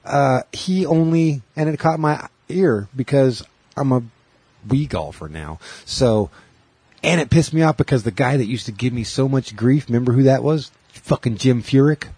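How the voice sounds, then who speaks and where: A man's voice: medium pitch, expressive, moderate pace, warm tone, slightly rough, no room sound. A man who does stand-up comedy, chatting crudely and jokily as a podcast host. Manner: crude, joking, profane. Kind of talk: casual chat.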